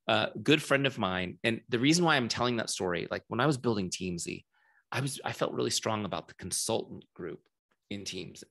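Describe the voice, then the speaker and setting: A man's voice: fairly low pitch, fairly quick, creaky, fairly bright tone. A middle-aged man giving a casual, chatty training talk, often asking the group questions. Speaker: software founder and trainer.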